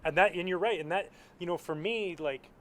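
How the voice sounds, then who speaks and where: A man from Canada, a former pitcher, speaking as an interview guest in a relaxed, reflective way with many fillers. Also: a little fast. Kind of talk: casual interview chat. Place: outdoors at a ballpark.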